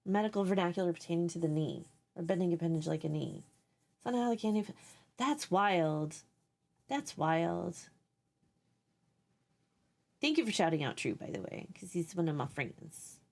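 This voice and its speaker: A woman's voice: lowish voice, lively intonation, normal speed, gravelly, pauses often, a little mellow. A woman live streaming a video game, chatting casually, swearing at enemies and thanking viewers.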